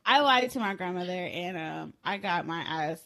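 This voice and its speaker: A young woman co-hosting a podcast, telling a crude story with loud laughter and lively, animated storytelling. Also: on the low side, normal speed. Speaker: podcast co-host. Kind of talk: casual chat.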